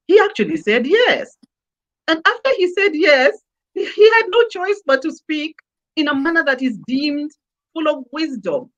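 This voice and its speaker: Woman, emphatic, repeats phrases for emphasis, fairly high voice, dull lo-fi sound. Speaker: customer experience consultant, guest. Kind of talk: conversational interview.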